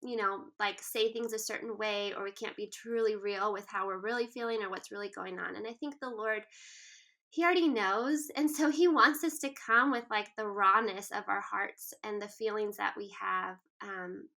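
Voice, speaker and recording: A woman's voice: medium pitch, steady tone, normal speed, sharp tone. A woman in her thirties, a guest author, talking in an earnest, reflective way with frequent "um" and "like" fillers. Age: 30s. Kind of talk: casual interview conversation.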